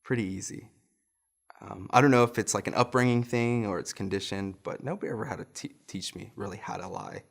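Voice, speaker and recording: A man's voice: lowish voice, fairly quick, creaky. A young adult man, a pastor, telling a personal story in a casual sermon and often chuckling as he goes.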